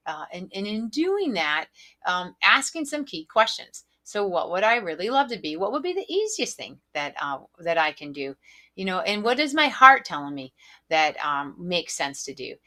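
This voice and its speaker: A woman hosting her own podcast, giving gentle, encouraging spiritual coaching with many fillers and softly guided breathing. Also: medium pitch, sing-song, normal speed. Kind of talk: solo podcast coaching talk.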